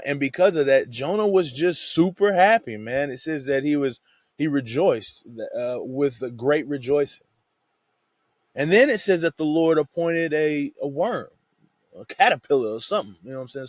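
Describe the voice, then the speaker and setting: A young man talking through a Bible passage in an easygoing, conversational way, often dropping "man" mid-sentence. His voice sits at a middle pitch. The sound is close and dry, with no room echo. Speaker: devotional teacher. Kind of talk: casual Bible devotional.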